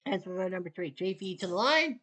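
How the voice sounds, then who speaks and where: A woman from Canada calling a basketball video game in casual solo play-by-play, with clipped calls and wry asides. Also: fairly low pitch. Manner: clipped, rapid calls, wry asides, rising excitement near the end. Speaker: play-by-play commentator.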